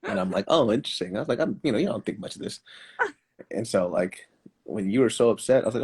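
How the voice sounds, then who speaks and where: Low, husky man joking around. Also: expressive, quick pace, a little mellow. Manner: laid-back, swearing, joking. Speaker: comedian guest. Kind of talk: casual chat. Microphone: phone on a live stream.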